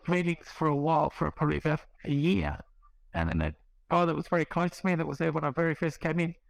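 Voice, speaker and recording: A man's voice: fairly high pitch, vocal fry, no echo, rough recording. A middle-aged man, casually telling his recovery story in a rambling way, with restarts and quoted dialogue. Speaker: guest sharing recovery story.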